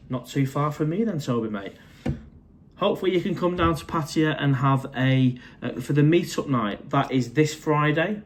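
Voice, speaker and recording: A man's voice: medium pitch, darkish tone. A man, casually chatting on a live stream from his condo, reading out viewer comments and calling everyone mate. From England.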